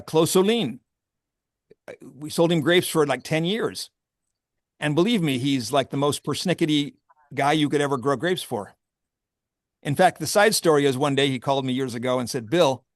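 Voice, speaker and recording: A man's voice: on the high side, no echo, studio quality. A man who owns a vineyard, talking candidly and with wry humor in a casual interview, often laughing. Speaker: vineyard owner and grape grower.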